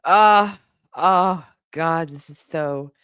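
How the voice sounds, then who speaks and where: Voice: mid-range voice, extremely slow, fairly bright tone, smooth, no echo, studio quality. A vlogger at home giving casual reaction commentary on song lyrics, sarcastic and laughing often. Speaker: YouTube commentator. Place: home, living room with a couch and a cat.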